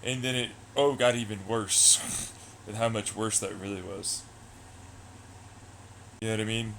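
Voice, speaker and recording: A man's voice: on the low side, steady tone, unhurried, gravelly, fairly bright tone, slight background noise. A man streaming live, chatting loosely with viewers, swearing and trailing off into asides. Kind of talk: casual rambling chat.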